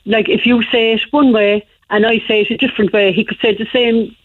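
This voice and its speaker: A woman's voice: fairly high pitch, fairly even intonation, brisk, no room sound. Woman, a rambling, chatty caller heard over a dull, muffled line. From Ireland. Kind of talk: phone-in radio chat.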